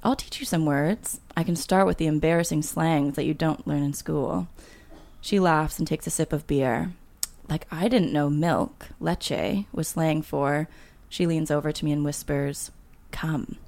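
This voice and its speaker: A woman's voice: sits low, measured pace, gravelly, a little mellow. A woman author chatting casually on a podcast and reading her memoir aloud, laughing often. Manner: laughs often, reads with light voicing of dialogue. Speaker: guest author.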